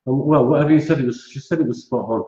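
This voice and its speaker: Dry teasing co-host, roomy audio. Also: male voice, medium pitch, quick pace, warm tone, muffled recording. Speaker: co-host reading viewer feedback. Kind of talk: casual banter.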